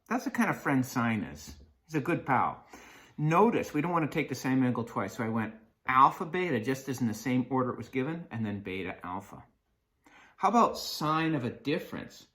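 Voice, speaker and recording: A man teaching a math lesson in a playful way, acting out sine and cosine as friends in quick skits. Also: mid-range voice, sing-song, fairly bright tone.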